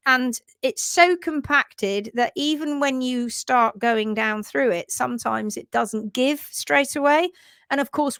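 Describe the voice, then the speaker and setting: High-voiced chatty woman hosting a livestream. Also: gravelly, a bit bright, dry recording. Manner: chatty, upbeat, reads out viewer comments. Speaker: host and hoof care teacher. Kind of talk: casual livestream chat.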